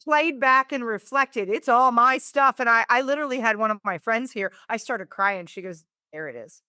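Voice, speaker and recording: A woman's voice: a little high, moderate pace, bright, forceful tone, no room sound, clean studio sound. A woman in her fifties, a podcast guest, talking expressively and dramatizing her inner dialogue. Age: 50s. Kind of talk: casual conversational interview.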